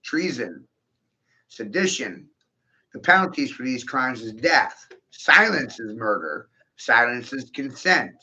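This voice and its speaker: A man's voice: mid-range voice, pushed and bright, rough recording. A man delivering a rambling, profane monologue, breaking into laughter often and talking with intensity. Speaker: video host.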